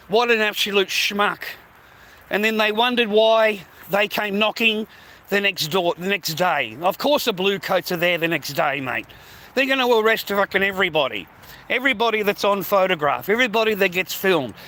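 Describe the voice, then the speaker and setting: A man's voice: high voice, sharp tone. An Australian man ranting casually on a live stream, heavily profane and rambling, breaking into scornful laughs.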